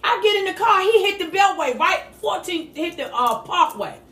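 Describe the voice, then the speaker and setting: A woman telling an emotional family story in a lively, animated way, acting out the other people's lines. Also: very high-pitched, normal speed, echoey room. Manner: lively, animated retelling with voiced quotes. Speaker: mother telling her story.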